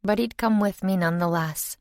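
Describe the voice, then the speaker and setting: A woman's voice: mid-range voice, a little fast, no room sound, studio quality. A woman narrating a first-person fantasy audiobook in a wry, conversational way.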